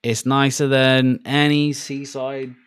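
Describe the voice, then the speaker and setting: A man's voice: medium pitch, level tone, slow pace, fairly bright tone, clear, resonant tone. A young man with a Cardiff Welsh accent, rambling and swearing freely as he chats casually to his livestream viewers. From Wales. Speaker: livestream host.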